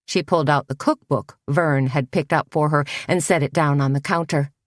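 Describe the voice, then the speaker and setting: Lady reading a cozy mystery, low voice, dry close sound, even pace. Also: moderate pace, no room sound. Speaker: audiobook narrator. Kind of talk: scripted narration of a cozy mystery.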